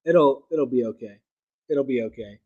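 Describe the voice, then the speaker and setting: A man's voice: mid-range voice, moderate pace, husky, muffled recording. A man hosting a casual political podcast, talking loosely with restarts and laughs. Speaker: podcast host.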